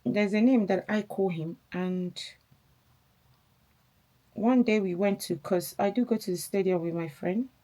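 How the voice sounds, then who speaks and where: A woman's voice: mid-range voice, a little slow, long pauses, warm tone. A young adult woman, chatting candidly and rambling a little as she tells a personal story in a get-ready-with-me vlog. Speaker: vlogger.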